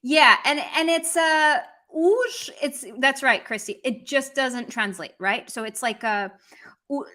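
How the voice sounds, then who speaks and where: Woman teaching on a livestream, chatty, bright kinda high voice. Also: slow pace. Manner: lively, switches between English and Russian, chats with viewers. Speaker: language teacher. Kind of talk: live-stream language lesson.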